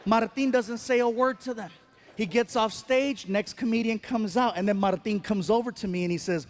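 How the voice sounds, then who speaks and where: A man doing stand-up storytelling, animated and acting out voices and crowd sounds. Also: high voice, normal speed, a little hiss or hum. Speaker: stand-up comedian.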